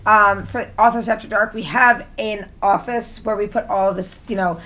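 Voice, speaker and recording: A woman convention organizer in a casual group chat, an animated storyteller who laughs often and acts out the people she quotes. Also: mid-range voice, normal speed. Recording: loud crowd noise behind.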